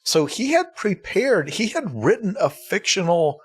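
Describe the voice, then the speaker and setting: A male podcast co-host with a slightly high voice. He lays things out in casual chat with a dry, sardonic edge. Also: very animated, measured pace, husky.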